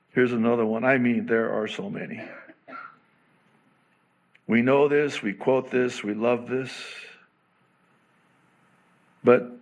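A man preaching a sermon, slow and emphatic, with sudden rises in pitch on key words. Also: steady tone, lo-fi sound. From half Egyptian father. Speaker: pastor.

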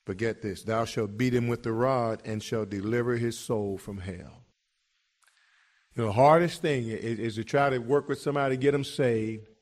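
A man's voice: medium pitch, a little mellow. A middle-aged man preaching a sermon emphatically, repeating words as he builds each point.

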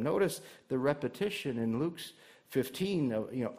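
A man's voice: medium pitch, lively intonation, moderate pace, a little mellow. A male pastor delivering a conversational sermon to his church, asking the congregation rhetorical questions and adding light humor.

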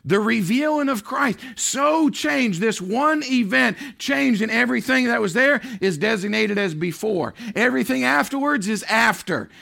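Male pastor preaching, bright sharp voice, stretches key words loud then drops low. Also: lively intonation, gravelly. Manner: swings between loud drawn-out emphasis and low near-whispered lines. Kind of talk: sermon.

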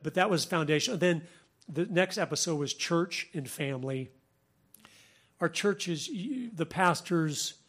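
A man hosting a Christian talk show, speaking earnestly, laughing often and quoting people in lively voices. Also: a little high. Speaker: Christian podcast host. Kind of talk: religious commentary, conversational.

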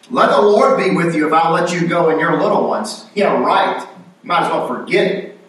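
A man's voice: a little high, animated, normal speed, a bit bright. A man preaching a sermon in a conversational style, acting out quoted lines with rising emphasis. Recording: very echoey room, voice from a distance.

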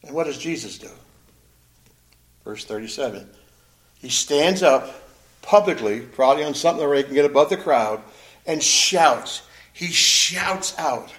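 Animated male pastor preaching. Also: on the high side. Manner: animated preaching with emphatic pauses and repetitions. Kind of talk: sermon.

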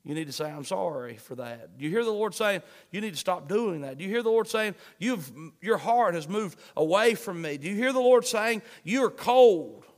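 A man preaching a sermon, fervent, swinging between shouts and hushed pleading. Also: sits high, animated, fairly quick, hardly any pauses. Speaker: pastor. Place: church sanctuary. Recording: long hall reverb.

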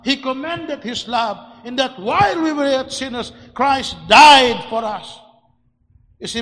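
This high-pitched male preacher moves from soft talk into loud, emphatic shouting, often starting words over while developing his argument. A long hall reverb surrounds his voice.

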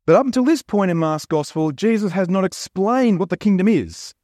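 A man's voice: high voice, animated, brisk, a little mellow, dry recording, clean studio sound. A man with an Australian accent preaching a sermon, telling stories and jokes in a chatty, conversational way. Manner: chatty, joking storyteller. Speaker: pastor.

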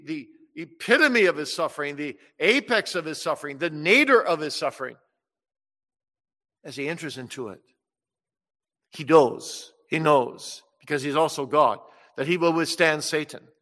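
A man preaching a sermon with passion, rising loud when he voices Jesus and dropping soft and low when he pleads. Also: lively intonation, normal speed. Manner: impassioned, swells loud on quoted words of Jesus and drops soft on pleading. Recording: long reverb of a large hall.

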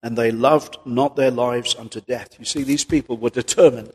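A male preacher giving a sermon, posing rhetorical questions and swinging between loud and quiet passages. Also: medium pitch, steady tone, normal speed, hardly any pauses, slightly rough. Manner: rhetorical questions, rises and drops in volume. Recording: long hall reverb.

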